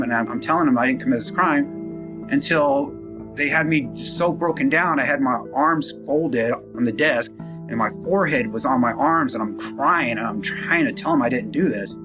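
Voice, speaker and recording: A man giving a personal account in an urgent, rapid way. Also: mid-range voice. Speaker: interviewee. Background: guitar music.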